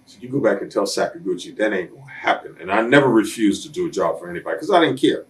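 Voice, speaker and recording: Telling blunt, streetwise stories in a sit-down shoot interview, this male guest acts out the voices of the people he quotes. His voice is lowish and expressive, and his pace is quick.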